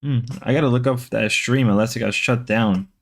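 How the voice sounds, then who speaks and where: A man's voice: medium pitch, fairly even intonation, a little fast, vocal fry. Rambling male livestream host. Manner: rambling, repeats words, chatty. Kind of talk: casual livestream chat reading viewer comments.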